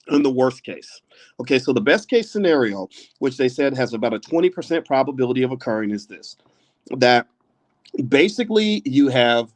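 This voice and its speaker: Male finance commentator, animated and folksy, mid-pitched, dry close mic. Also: no echo. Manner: animated, direct, folksy asides to the audience. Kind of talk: casual online talk to viewers. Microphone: desk microphone.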